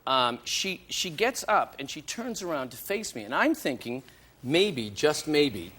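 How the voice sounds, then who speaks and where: Animated Canadian male guest spinning a showbiz story, high and bright. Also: a little slow, breathy edge. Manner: animated, acts out voices in stories. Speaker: talk show guest. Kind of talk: storytelling anecdote. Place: television studio.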